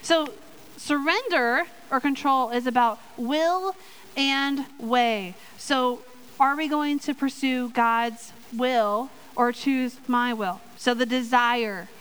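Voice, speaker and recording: A woman giving a sermon and reading a Bible story aloud, lively and playful with joking asides. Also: sits high, slow, clean tone, rough recording. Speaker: church speaker in children's ministry.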